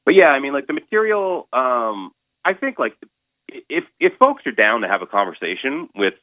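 A man being interviewed as a guest performer, speaking haltingly with many fillers and restarts. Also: mid-range voice, big pitch swings, no echo. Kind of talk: casual interview over the phone. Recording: tinny phone line.

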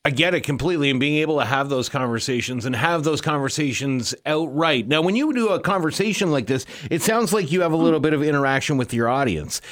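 A man's voice: a little high, animated, quick pace, hardly any pauses, a bit bright. A male radio host interviewing a guest in a conversational way and promoting the event.

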